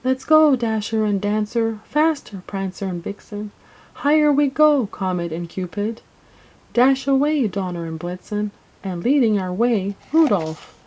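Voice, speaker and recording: A woman voicing a helpful little boy who answers eagerly and calls out commands with excitement, in a storybook reading. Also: mid-range voice, normal speed, hardly any pauses, lightly acted. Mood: excited.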